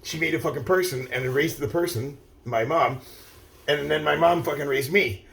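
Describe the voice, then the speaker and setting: A man's voice: fairly high pitch, moderate pace, vocal fry, fairly bright tone. A middle-aged man rambling casually to his viewers, swearing often and filling his talk with "like" and "uh". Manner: rambling, heavy swearing, many fillers and restarts. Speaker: vlogger. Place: outdoors, standing still.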